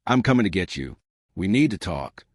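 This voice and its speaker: A man voicing an adult male crime boss who speaks quietly and steadily, with restraint. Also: low voice, sing-song, moderate pace, no echo, clean studio sound. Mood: firm.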